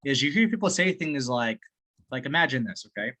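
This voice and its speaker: A sales training partner chats casually on a video call, offering feedback in a bright, forceful mid-range voice at a brisk clip. Excitable and prone to getting carried away, he curses often and breaks into laughter as he talks.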